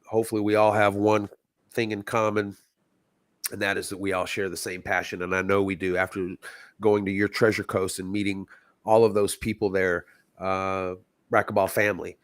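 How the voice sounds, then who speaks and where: A man's voice: lowish voice, level tone, normal speed, smooth, dry recording, studio quality. Man, stuffy, sick, earnest, reflective, guest in casual chat. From Texas.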